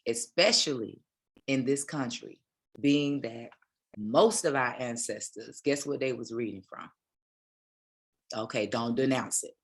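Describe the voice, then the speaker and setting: A woman's voice: rumbling low, measured pace, pauses often. A woman spiritual teacher giving a livestreamed talk, with preachy asides to her viewers.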